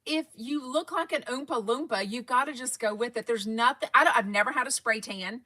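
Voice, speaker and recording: This woman from Texas speaks fairly quickly in a slightly high, sharp voice with a Texan accent. As host of a fan podcast's casual livestream, she rambles chattily and reads live comments aloud.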